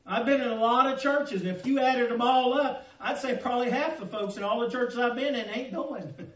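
A middle-aged male pastor with a strikingly high voice preaches a folksy, humorous sermon. He talks straight to his congregation, and the sound carries through an echoey church, picked up from some distance off the mic. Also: normal speed. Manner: folksy preaching with humor and audience call-outs. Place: church sanctuary.

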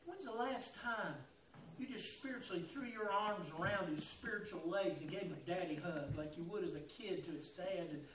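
A man's voice: high voice, moderate pace, noisy background. A man, a pastor, leading an altar call and a pleading prayer in a church, repeating his phrases fervently. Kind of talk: sermon invitation and prayer. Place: church sanctuary. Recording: echoey church, distant mic, loud guitar. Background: guitar playing.

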